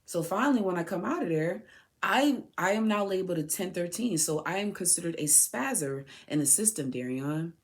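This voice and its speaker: Woman, lowish voice, impassioned personal monologue, heated, rhetorical questions. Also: expressive, moderate pace. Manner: heated, repeats and restarts phrases. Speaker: mother addressing her son.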